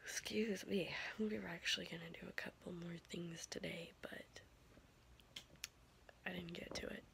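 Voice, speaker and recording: A sleepy young woman whispering a rambling late-night vlog in a hushed voice, trailing off now and then. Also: fairly low pitch, creaky, poor audio. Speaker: vlogger.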